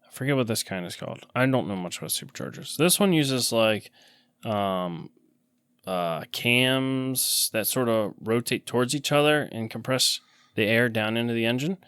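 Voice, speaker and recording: A man co-hosts a casual podcast in a mid-pitched voice. He walks through movie scenes and car engine details and laughs easily. The sound is dry and close. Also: moderate pace, a bit bright, clear, resonant tone, no echo. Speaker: podcast co-host. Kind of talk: casual chat.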